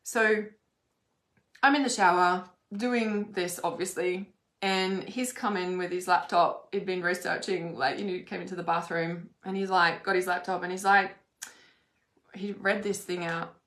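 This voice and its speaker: A woman's voice: on the low side, fairly even intonation, unhurried, fairly bright tone. A woman telling a personal story in a casual, rambling way, full of "like" and frequent swearing. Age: adult. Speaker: spiritual vlogger. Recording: roomy echo.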